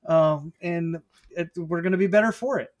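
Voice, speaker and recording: A man's voice: fairly high pitch, moderate pace. A man co-hosting a podcast, joking at his own expense in casual chat. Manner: jokey, self-mocking. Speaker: podcast co-host.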